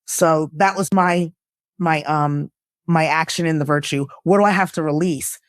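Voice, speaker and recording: A woman guest, an actress and lifestyle coach, speaking earnestly and reflectively in a candid conversation, her voice jumping up when she laughs or gets excited. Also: moderate pace, no echo, clean studio sound. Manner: earnest and reflective, with bursts of laughter and pitch jumps.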